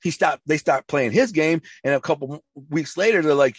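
A man's voice: a little high, normal speed, breathy edge, dry recording. A man telling rambling, profane stories in a casual interview, full of restarts and acted-out quotes, from the Detroit area. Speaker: interview guest, former mob associate and author.

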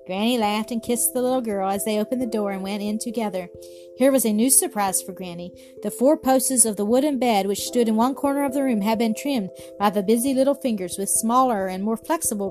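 Woman narrating a children's story. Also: on the high side. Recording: music playing behind.

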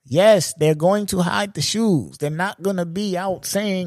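A man in his forties hosts a solo podcast, his voice sitting a little high. He rants in a loose, profane, animated way and laughs at his own jokes. The sound is dry and close to the mic. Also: measured pace, no room sound. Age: 40s. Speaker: podcast host. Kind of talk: solo comedic podcast rant.

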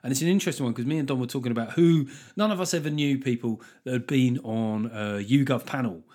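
A man's voice: medium pitch, quick pace, a little mellow. A man hosting a podcast, ranting casually with a lot of swearing and mockery. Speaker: podcast host. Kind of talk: casual solo podcast monologue.

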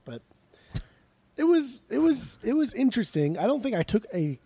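Male podcast co-host, casual and profane, stumbling restarts, dark tone. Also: very high-pitched, sing-song, moderate pace. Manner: rambling, profane, frequent restarts. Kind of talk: casual chat.

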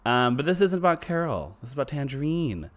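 A man co-hosting a podcast in casual chat, excitable, swearing and trailing off mid-sentence. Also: mid-range voice, a little fast. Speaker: podcast co-host.

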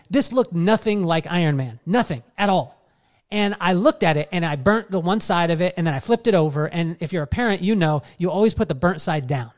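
A man giving a live keynote talk, telling a personal story earnestly and speaking straight to his audience. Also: a little high. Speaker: motivational speaker.

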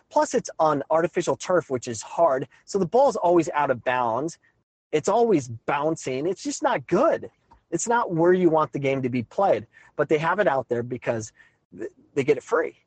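A middle-aged man, a high school soccer coach, talking through a frustrated, exasperated rant. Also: sing-song, normal speed, no echo, rough recording. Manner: exasperated, ranting. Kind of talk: frustrated monologue.

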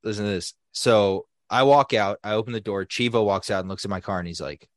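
A young adult man co-hosting a podcast, telling a story in a casual, animated way, swearing freely and acting out what other people said. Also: lowish voice, fairly quick, no room sound, studio quality. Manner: animated, profane, acts out quoted people. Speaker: podcast co-host.

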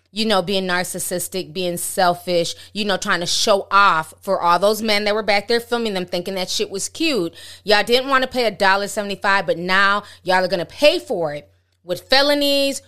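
A woman's voice: mid-range voice, sharp tone, clean tone. A woman giving casual commentary on her channel, blunt, slangy and emphatic. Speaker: YouTube commentator.

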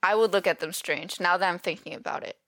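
A woman's voice: fairly low pitch, fast talker, fairly bright tone, dry recording, studio quality. Giggly Midwestern woman co-host. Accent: Upper Midwest. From Upper Midwest, Minnesota and Illinois. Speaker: podcast co-host. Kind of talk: casual chat.

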